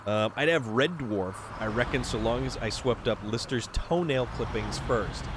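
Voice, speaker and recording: A man hosting a livestream, chatting excitedly and answering viewers while he plays a video game. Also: medium pitch, normal speed, background noise. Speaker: livestream host. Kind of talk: casual chat while playing a video game.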